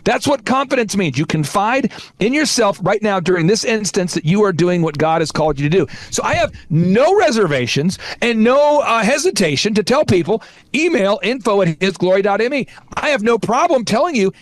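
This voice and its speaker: Male podcast host, high voice, emphatic preacher-like delivery, dry close mic. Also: very animated, a little fast, dry recording. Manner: emphatic, repetitive, exhorting. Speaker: podcast host and business coach. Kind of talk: impassioned preaching-style talk.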